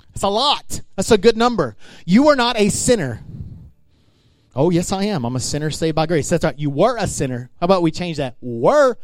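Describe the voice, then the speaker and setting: A man's voice: fairly high pitch, no echo. A male pastor preaching a sermon in an emphatic, conversational way, speaking straight to his congregation.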